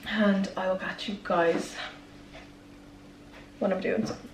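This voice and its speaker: Young woman, Irish accent, casual vlog chat, rambling and chatty, average pitch, noisy background. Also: level tone, moderate pace, vocal fry, pauses often, echoey room, far from the mic, dull audio. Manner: chatty, rambling, fills talk with "like" and "literally". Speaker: vlogger.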